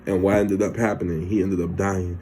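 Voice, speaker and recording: A man's voice: low-pitched, flat delivery, fairly quick, mellow, slight background noise. A young man recapping a TV episode in loose, slangy, profane casual chat. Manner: loose, slangy and profane, acts out characters' lines. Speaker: TV recap vlogger.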